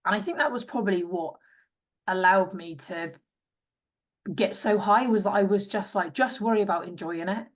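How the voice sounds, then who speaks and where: A woman's voice: mid-range voice, normal speed. A woman in her twenties from England, a former rugby player chatting as a podcast guest and acting out what others said to her. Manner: chatty, acts out quoted voices. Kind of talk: casual interview chat.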